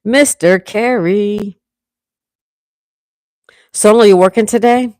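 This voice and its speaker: A congested woman hosting a relaxed livestream at home, chatting and reading out viewers' comments. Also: medium pitch, takes it slowly, no room sound. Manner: relaxed, chatty, laughs often. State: congested, coughing. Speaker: livestream host.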